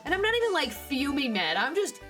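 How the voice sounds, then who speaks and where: A woman's voice: high-pitched, big pitch swings, a little fast, a bit bright, faint music behind. A young woman streaming a game live, commenting in exasperated, profane, emphatic outbursts.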